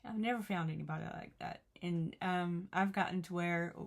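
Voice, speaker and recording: A woman's voice: lowish voice, moderate pace, gravelly. Earnest, chatty woman vlogger. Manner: earnest, chatty, with restarts and repeated phrases. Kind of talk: casual motivational talk to camera.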